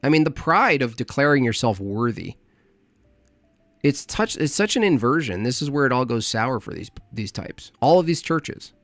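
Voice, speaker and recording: A man's voice: medium pitch, very animated, normal speed, a bit bright, no room sound, faint music behind. A man hosting a livestream, reacting to a clip with crude, mocking, rambling commentary.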